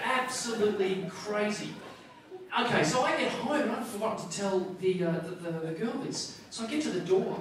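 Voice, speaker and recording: High-voiced male stand-up comic in an echoey hall. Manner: animated storytelling, self-deprecating asides. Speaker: comedian and MC. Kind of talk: stand-up comedy routine. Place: large function room at a gala dinner. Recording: echoey hall, distant mic, audience laughter.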